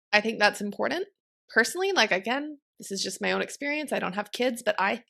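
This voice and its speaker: Young woman co-host, easygoing and reflective, gravelly tone. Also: mid-range voice, pushed and bright. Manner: easygoing and reflective, with many fillers. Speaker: podcast co-host. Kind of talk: casual podcast chat.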